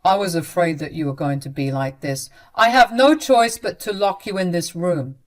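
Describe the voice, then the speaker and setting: A woman voicing a dismissive young man who speaks in a flat, curt, matter-of-fact way. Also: on the low side, moderate pace, soft background music, pitched below the performer's own voice, close to an everyday voice. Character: cold adult son, a young man, dismissive.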